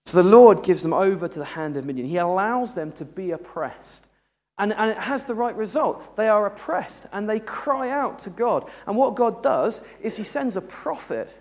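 A man's voice: high-pitched, expressive, moderate pace, a little mellow. A man preaching a sermon in a humorous, conversational way. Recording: echoey hall.

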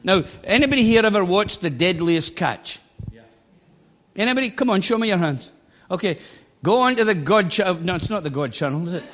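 A man in his sixties preaching a sermon as pastor, animated and exclamatory, often breaking into laughter. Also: sits high, moderate pace. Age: 60s. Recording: long echoing hall reverb.

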